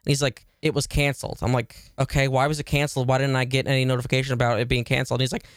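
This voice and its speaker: A man's voice: medium pitch, flat delivery, very fast, dry recording, clean studio sound. A man co-hosting a podcast, telling a long story in casual chat with lots of fillers, restarts and swearing. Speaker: podcast co-host.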